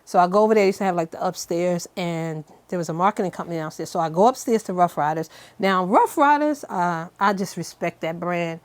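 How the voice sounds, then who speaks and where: A woman's voice: lowish voice, a little fast, few pauses. A middle-aged woman from Brooklyn, telling stories as an interview guest and acting out other people's lines. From Brooklyn, New York. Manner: animated storyteller who acts out other people's lines. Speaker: guest, fashion designer. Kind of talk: casual interview storytelling.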